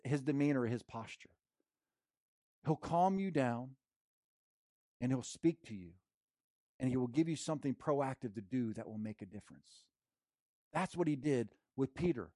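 A male pastor preaching a sermon in an emphatic, conversational way, swinging from loud bursts to hushed moments. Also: medium pitch, lively intonation, a little slow, pauses often, no echo, clean studio sound. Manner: conversational, slangy, with restarts.

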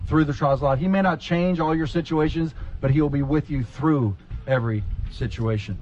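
Man, pastor, sermon, higher voice, animated storyteller, faint background noise. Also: lo-fi sound. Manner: animated storyteller, acts out scenes with big pitch jumps.

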